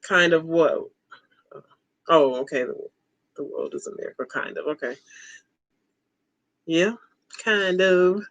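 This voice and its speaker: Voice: mid-range voice, slow, pauses often, fairly bright tone, no echo, poor audio. A host in their forties chatting casually on a livestream, laid-back and chuckling, repeating short replies. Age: 40s.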